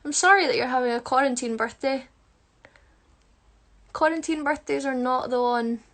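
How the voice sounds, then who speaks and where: A woman talks into her phone during a casual livestream, her voice sitting high. She is chatty and teasing, joking with her viewers while she does her makeup. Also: normal speed, fairly bright tone. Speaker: livestream host answering viewer comments. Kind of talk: casual chat.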